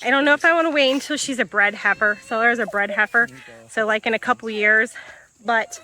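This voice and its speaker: A woman's voice: brisk, bright, forceful tone. A woman vlogging casually on her farm as she moves animals, talking into a phone outdoors and chatting along. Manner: chatty, switches to high baby-talk with animals. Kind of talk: casual vlog narration while doing farm chores. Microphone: phone held while walking.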